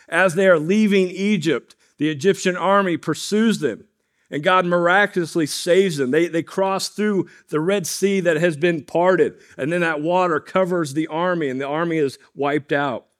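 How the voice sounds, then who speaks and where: A pastor delivers a sermon in a slightly high male voice. He talks to his congregation conversationally, leaning on stories and asides. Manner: storytelling, conversational, addresses congregation.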